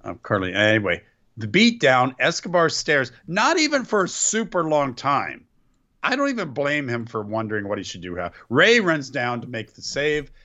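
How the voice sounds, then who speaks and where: A man's voice: medium pitch, big pitch swings, moderate pace, pushed and bright. Sarcastic man recapping wrestling, lo-fi. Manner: sarcastic play-by-play recapping, quoting wrestlers in mock voices. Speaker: podcast co-host. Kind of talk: casual wrestling recap chat. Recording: dull lo-fi podcast audio.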